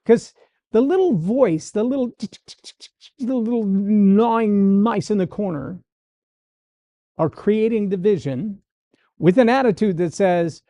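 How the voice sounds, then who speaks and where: A man's voice: sits high, normal speed, warm tone, no room sound, dull audio. A man hosting a show, giving a folksy motivational talk and acting out the voices he quotes. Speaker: motivational speaker and podcast host.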